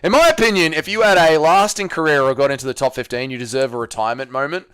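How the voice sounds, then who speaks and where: A young Australian man hosting a casual livestream watch-along, excitable and swearing freely as he reads chat aloud. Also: a little high, fast, clear, resonant tone, no room sound, clean studio sound. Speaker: livestream host.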